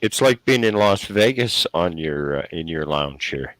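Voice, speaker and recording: A man's voice: low voice, lively intonation, unhurried, fairly bright tone, dry recording, low-quality recording. A man chatting casually as a guest on a stream, easygoing and laughing along. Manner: easygoing, laughs along, hums song lines. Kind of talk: casual chat.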